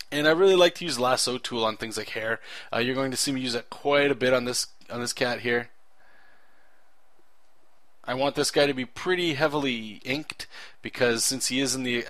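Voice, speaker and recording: An artist talks casually over his own drawing video, rambling earnestly and often correcting himself, clearly enthusiastic about telling a story clearly. His voice is mid-range and a bit bright, and the recording is dry.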